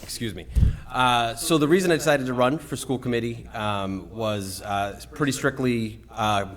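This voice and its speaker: A middle-aged man running for school committee, answering a forum question in a halting way, full of uhs. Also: mid-range voice, a bit bright.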